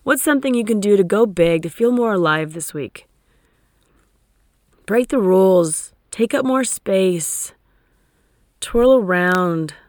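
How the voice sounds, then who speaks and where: A woman hosting a motivational talk as a coach, energetic and emphatic, dropping casual swear words. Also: medium pitch, takes it slowly, pauses often, dry recording, clean studio sound. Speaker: coach and podcast host.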